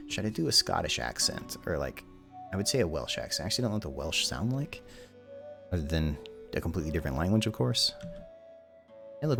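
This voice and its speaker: A man's voice: low voice, creaky, fairly bright tone. A man giving casual, rambling commentary while streaming a video game, joking with his chat. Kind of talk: live gameplay commentary.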